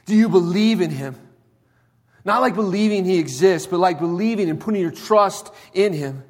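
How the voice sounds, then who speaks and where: A man preaching a sermon in a conversational style, dropping quiet and then rising to emphatic points. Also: sits high. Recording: long hall reverb.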